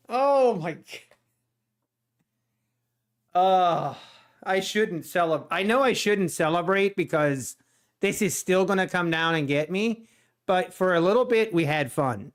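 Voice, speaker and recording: A man hosting a live day-trading stream, excitable, laughing often and repeating himself. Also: sits high. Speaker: day-trading livestream host.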